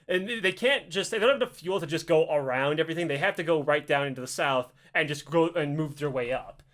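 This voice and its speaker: A man casually telling a history story on a podcast, animated and profane, acting out quotes and laughing often. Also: a little high, a little fast.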